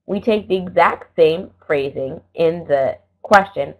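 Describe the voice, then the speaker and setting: A low-pitched, middle-aged woman gives an online English lesson, explaining each point slowly and carefully. She stops now and then to correct herself. The recording sounds dull and lo-fi. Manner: slow, careful explaining with small self-corrections. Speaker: English teacher.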